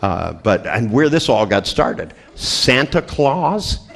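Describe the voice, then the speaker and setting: Very animated but slow, this middle-aged man has a medium-pitched voice with vocal fry and a fairly bright tone. A seminar trainer, he entertains a group with jokey stories, acting out the voices of those involved.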